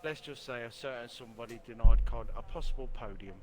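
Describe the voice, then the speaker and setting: A man's voice: mid-range voice, quick pace, darkish tone. Dry-humoured co-commentator, a man. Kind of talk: casual stream chat.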